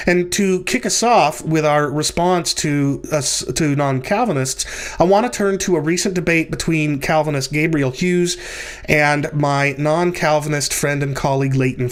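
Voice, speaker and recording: Man, podcast host, lecture-style teaching, somewhat high voice, fillers and restarts. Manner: explanatory, frequent fillers and restarts.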